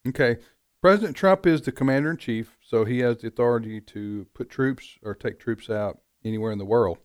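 A man hosting a talk radio show, chatting casually in a rambling way, with frequent pauses and restarts. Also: medium pitch, no room sound, studio quality.

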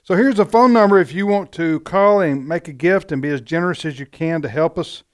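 A man's voice: on the high side, brisk. Chatty radio host man. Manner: relaxed, chatty, frequent fillers and restarts. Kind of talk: casual radio fundraiser chat.

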